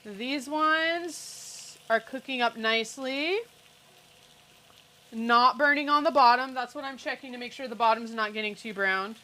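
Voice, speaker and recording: A woman's voice: fairly high pitch, a little slow, pushed and bright, low-quality recording. A woman hosting a cooking livestream from her home kitchen, chatting casually and cracking sarcastic jokes. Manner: chatty, joking, sarcastic asides. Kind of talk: casual live cooking chat.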